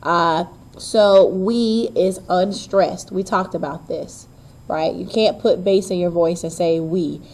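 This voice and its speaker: A woman's voice: on the low side, steady tone, slow, darkish tone. A woman teacher giving a poetry lesson, chatting to her class with self-deprecating asides and drawing out syllables to show the stress. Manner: stretches out and stresses syllables to demonstrate rhythm. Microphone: recorded on a camera while writing on paper.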